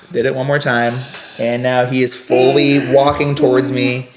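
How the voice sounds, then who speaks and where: A young man, a podcast guest, animatedly telling a story with quick asides and lots of laughter. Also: mid-range voice. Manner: lively, laughing, fast asides with filler "like". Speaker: podcast guest, former scare actor. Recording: roomy echo.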